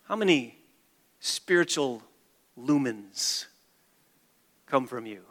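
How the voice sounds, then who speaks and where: Bright-voiced man preaching in a hall. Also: medium pitch, expressive, slow pace. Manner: emphatic, repeats key phrases for stress. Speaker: pastor. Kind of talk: sermon.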